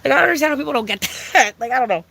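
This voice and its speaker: A woman's voice: sits high, expressive, very fast, vocal fry, pushed and bright. A young woman streamer in casual chat, rambling and swearing with many fillers.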